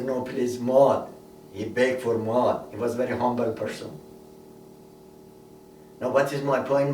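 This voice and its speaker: A man delivers a sermon, retelling a story at a middling pitch and leaning on repeated words. He stands a little away from the microphone. The room rings with echo, and a faint ambient hum sits behind him. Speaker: preacher. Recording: echoey room, voice a bit far from mic, faint ambience.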